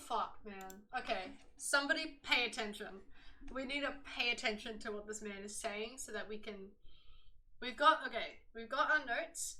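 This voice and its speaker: A woman streamer chatting excitably during a live game, swearing and laughing often. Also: fairly high pitch, normal speed. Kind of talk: live stream chat while playing a game. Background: keyboard typing.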